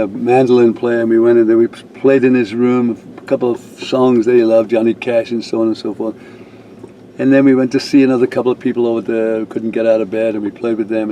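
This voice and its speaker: Older man, mellow rambling storyteller. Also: medium pitch, slight background noise, rough recording. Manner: rambling, chuckling, many restarts. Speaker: reverend. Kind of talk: casual storytelling.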